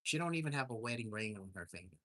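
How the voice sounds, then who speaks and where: A man's voice: on the low side, animated, fast, fairly bright tone, no echo. A man hosting a casual livestream, telling a story in an indignant, ranting way. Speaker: livestream host. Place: home in Alaska.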